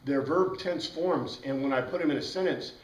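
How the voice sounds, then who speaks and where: Bible class teacher, male, chatty and rambling, slightly high voice, distant mic in a reverberant classroom. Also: normal speed. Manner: chatty, rambling, spells out words letter by letter. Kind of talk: informal classroom lecture. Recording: roomy classroom heard from a distance.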